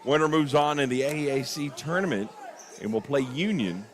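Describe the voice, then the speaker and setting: Excitable male basketball play-by-play caller. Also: mid-range voice, normal speed. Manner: excitable, rises sharply on big plays and disputed calls; openly partisan, admits getting emotional. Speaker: play-by-play announcer. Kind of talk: live basketball commentary.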